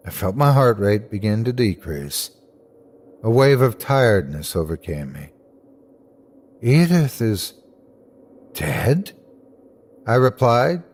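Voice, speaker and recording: Man, horror podcast narrator, dramatic first-person storytelling, lively rising and falling pitch. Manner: emotive, swings from hushed to cries.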